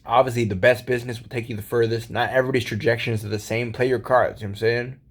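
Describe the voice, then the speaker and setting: A man's voice: medium pitch, little pitch movement, very fast. A man giving a casual late-night monologue, rambling and profane with laid-back slang, often laughing as he talks. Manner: laughs often while talking. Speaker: solo vlogger.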